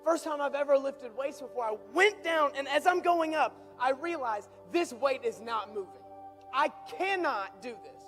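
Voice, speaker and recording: A young man preaching through an animated personal story, building from quiet asides to excited shouts. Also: extremely high pitch, moderate pace, soft background music. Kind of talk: storytelling sermon.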